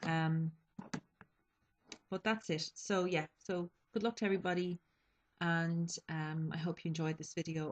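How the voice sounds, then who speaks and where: A woman's voice: fairly low pitch, little pitch movement, unhurried, long pauses, dull audio, a little hiss or hum. Hesitant woman chatting about makeup. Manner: hesitant, lots of ums and restarts. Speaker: beauty vlogger. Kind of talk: casual makeup chat to camera.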